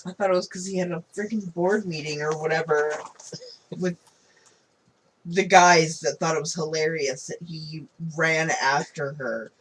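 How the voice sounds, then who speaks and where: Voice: medium pitch, steady tone, measured pace, a bit bright, slight background noise, poor audio. A podcast co-host in casual chat about a movie, mostly short agreements.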